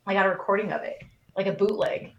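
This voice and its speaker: A woman's voice: medium pitch, steady tone, fast, a little hiss or hum. Woman, podcast co-host, casual emotional storytelling, roomy sound, muffled lo-fi. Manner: emotional storytelling, many fillers. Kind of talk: casual chat.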